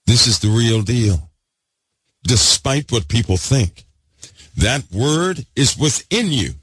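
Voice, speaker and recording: A man preaching a fervent sermon, repeating himself and swinging between loud bursts and hushed asides. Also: mid-range voice, lively intonation, takes it slowly, breathy edge, dry recording.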